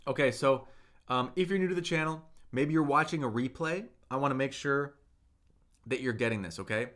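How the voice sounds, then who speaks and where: A man's voice: mid-range voice, brisk, a bit bright. A young man teaching Mandarin tones in a live-streamed lesson, drilling syllables aloud and checking in with viewers in the chat.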